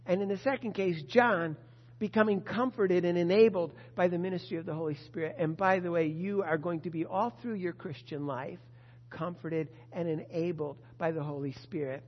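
A pastor preaching a sermon to his congregation, emphatic and expressive. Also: high-pitched, moderate pace. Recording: dull lo-fi sound with long reverb.

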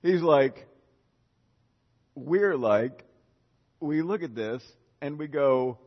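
A man preaching a lively sermon, retelling a Bible story in casual speech and acting out the characters' lines. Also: a little high, extremely slow, big-room sound, dull audio. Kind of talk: lively sermon with acted-out dialogue.

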